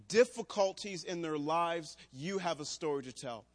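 Man preaching a lively sermon. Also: a little high, measured pace. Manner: swings from loud preaching to quiet storytelling. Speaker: pastor. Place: church room.

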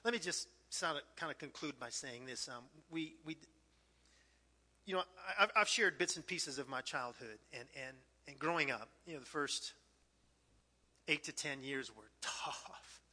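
A man in his fifties, a pastor giving an emotional, halting sermon, often repeating words and laughing through tears. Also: on the high side, pushed and bright, breathy edge, in a large hall. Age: 50s. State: tearful.

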